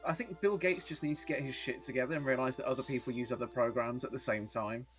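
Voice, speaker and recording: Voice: medium pitch, fast, soft background music. A tabletop game player on a livestream, joking around and laughing often. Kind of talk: casual livestream chat.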